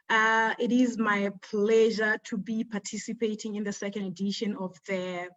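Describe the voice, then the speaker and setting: A woman from Lesotho giving a conference talk over an online call, measured and formal. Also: mid-range voice, a bit bright. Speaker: conference speaker. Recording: dull lo-fi sound.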